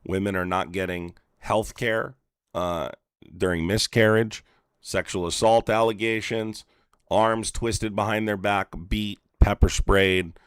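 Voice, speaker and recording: A man's voice: fairly low pitch, steady tone, a little slow, fairly bright tone, clear, resonant tone, dry recording, studio quality. A man hosting a call-in political debate, pressing and insistent as he argues. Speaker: political streamer and activist.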